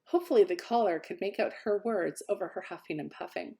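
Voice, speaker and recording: A woman author reading an excerpt from her own novella with a lively, expressive delivery. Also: mid-range voice, quick pace, vocal fry.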